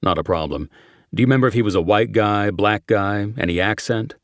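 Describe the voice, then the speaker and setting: A man voicing a calm male sheriff's deputy in an audiobook, speaking in short, measured lines. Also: fairly low pitch, no room sound, clean studio sound, lightly acted. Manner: terse, measured.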